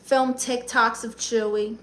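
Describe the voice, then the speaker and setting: A livestreamer with a Brooklyn accent chats casually and reads viewer comments aloud in a sassy, brash way. Her voice is on the high side, level and slow, with a little hiss or hum in the audio.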